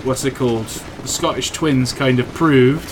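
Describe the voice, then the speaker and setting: A man's voice: medium pitch, measured pace, background noise. A young man from Wales with a Welsh accent, chatting casually and teasing his viewers while live-streaming a train game from home on a desk microphone. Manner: chatty and teasing, answers chat messages.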